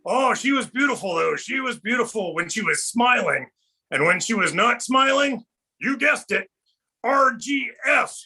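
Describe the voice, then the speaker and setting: A man voicing a brash puppet comedian who tells holiday puns and shouts his punchlines. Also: very high-pitched, lively intonation, a little slow, breathy edge, exaggerated voice.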